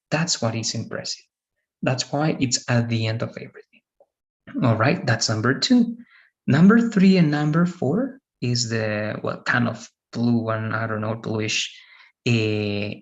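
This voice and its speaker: Gravelly-voiced male teacher explaining grammar. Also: mid-range voice. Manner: explanatory, checks in with "right?" and "all right"; repeats and restates points slowly. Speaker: English teacher. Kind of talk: live grammar lesson to students.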